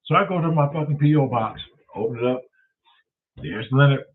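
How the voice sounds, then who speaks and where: A talk show host with a mid-range voice and a slightly fast pace tells a casual, profane story, animatedly acting out every character's voice. The audio sounds tinny, like a phone.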